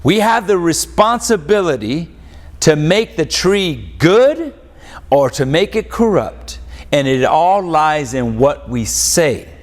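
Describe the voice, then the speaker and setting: Pastor, male, slow deliberate sermon delivery, call-and-response, long hall reverb. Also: a little high, very animated. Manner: call-and-response preaching, rhetorical questions. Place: church.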